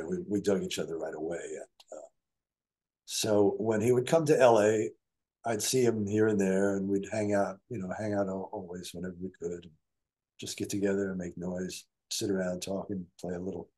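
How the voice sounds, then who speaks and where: An older man tells stories from his years as a session guitarist. His voice sits fairly low, and he acts out the conversations he recalls as he goes. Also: moderate pace. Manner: animated anecdotes, acts out dialogue. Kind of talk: storytelling in an interview.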